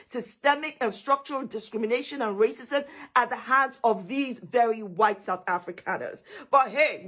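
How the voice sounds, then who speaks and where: A woman giving forceful, scornful opinion commentary. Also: on the high side.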